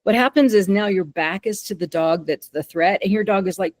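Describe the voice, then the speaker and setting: A woman dog trainer teaching a webinar in an animated way. She often checks in with "okay?" and "right?". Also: medium pitch, brisk, no echo. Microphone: remote call microphone.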